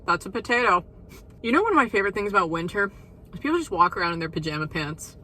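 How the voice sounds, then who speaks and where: A young vlogger, winded from a walk uphill, chats to camera casually and fast, peppering her speech with "like" and "you know." Her mid-range voice has big pitch swings and sounds pushed and bright, and the audio is poor.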